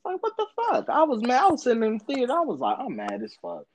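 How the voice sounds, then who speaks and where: A woman's voice: fairly high pitch, wildly swooping pitch, fast talker, a little mellow. A woman in casual conversation, talking animatedly, swearing freely and laughing often. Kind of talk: casual chat.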